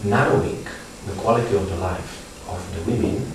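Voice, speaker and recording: A man speaking English as a non-native, presenting research in a panel discussion, halting with many fillers and restarts. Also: sits low. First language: not English. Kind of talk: discussion talk. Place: theatre space. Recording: echoey room, distant mic, background noise.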